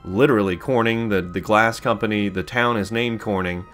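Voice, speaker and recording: Low-ish voiced guy from pittsburgh rambling through his game, lots of uhs, faint music behind. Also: normal speed, fairly bright tone. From Pittsburgh, USA. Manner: chatty, rambling, upbeat with fillers. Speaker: let's play host. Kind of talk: casual gameplay commentary.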